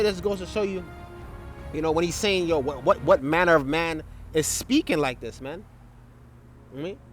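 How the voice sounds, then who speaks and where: Dude breaking down bible stories, kinda high voice, keeps tagging stuff on, faint music behind. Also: male voice. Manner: loose and conversational, full of filler tags and restarts, reads scripture aloud. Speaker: Bible teacher. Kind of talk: casual Bible study talk.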